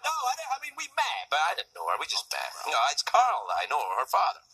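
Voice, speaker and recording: Teasing man with a bright, breathy voice. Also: a little high, wildly swooping pitch, fast, low-quality recording. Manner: teasing, laughing, loud outbursts. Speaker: late-night talk show host. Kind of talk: joking banter with a guest.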